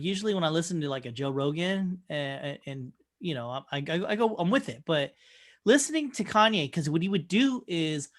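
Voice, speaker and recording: A man in casual podcast chat, telling long wandering stories full of swearing. He keeps acting out other people's lines in quick voices of his own. His pitch rises and falls a lot as he talks. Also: a bit bright. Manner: rambling, profane storyteller who acts out quotes. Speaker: podcast co-host. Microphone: remote call mic.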